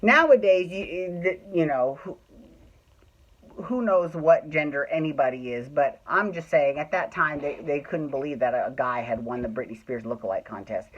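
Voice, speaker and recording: A man's voice: high voice, bright, forceful tone, muffled recording. A man telling a personal story in a casual, chatty way, swearing freely and acting out what people said. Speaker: storyteller host.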